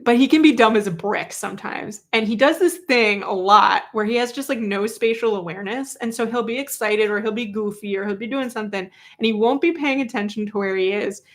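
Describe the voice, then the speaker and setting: A woman's voice: mid-range voice, a little fast, few pauses. A woman host giving a casual, wry commentary recap, chatty and full of fillers. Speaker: trial reporter and host.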